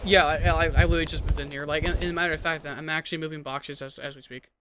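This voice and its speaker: A man's voice: on the high side, little pitch movement, racing, noisy background. A young man co-hosting a casual podcast, teasing his friend with jokes. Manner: teasing, jokey. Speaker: podcast co-host. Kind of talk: casual chat.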